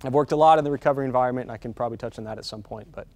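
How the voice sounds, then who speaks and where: Racing along at a medium pitch with a darkish tone and no echo, this man leads a meditation teacher-training workshop. He talks casually, repeatedly asks "right?", and ramps up the intensity on his main points.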